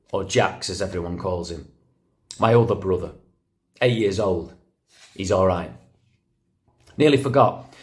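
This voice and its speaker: A man's voice: mid-range voice, lightly acted. A man with a Manchester accent reading a verse novel aloud as its streetwise ten-year-old narrator, speaking straight to the listener. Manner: vivid, direct, addressing the listener. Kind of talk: poetry reading in first person.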